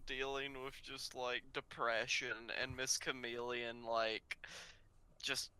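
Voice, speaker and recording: A man's voice: mid-range voice, clean tone, rough recording. A man co-hosting a podcast in casual chat, reacting expressively and filling his talk with "like". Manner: expressive, quick reactions with lots of "like". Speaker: podcast co-host.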